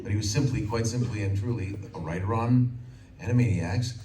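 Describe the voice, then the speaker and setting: A man in his sixties, a voice actor telling animated stories on a convention panel and slipping into character voices. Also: on the low side, fairly quick. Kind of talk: anecdotal panel storytelling. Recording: echoey hall from far off, loud crowd.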